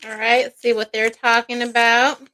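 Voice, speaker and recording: High bright-voiced woman tarot reader. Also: flat delivery, normal speed, a little hiss or hum, rough recording. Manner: chatty, peppered with "all right" and "okay". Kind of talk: casual tarot reading to camera.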